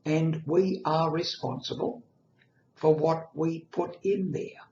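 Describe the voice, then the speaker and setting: A man giving a storytelling talk, animated, shifting pitch and loudness. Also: slow pace. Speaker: speaker. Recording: echoey room, dull lo-fi sound.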